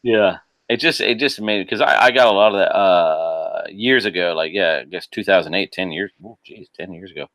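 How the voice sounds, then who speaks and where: A man with a very low voice, talking in a casual podcast chat. He is animated, laughs often and restarts his sentences. The sound is dry and close. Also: normal speed, dry recording. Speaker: podcast guest.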